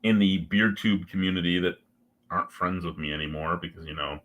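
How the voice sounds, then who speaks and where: A man's voice: low-pitched, fairly quick, dull audio. A man hosting a casual beer review livestream from home, rambling and joking crudely with his chat.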